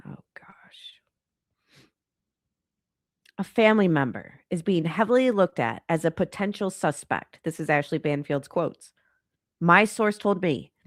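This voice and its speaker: A woman's voice: on the low side, lively intonation, normal speed, no room sound, studio quality. Congested woman doing casual true crime chat. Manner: chatty and rambling, exasperated. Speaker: true crime channel host. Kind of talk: casual commentary on a live stream.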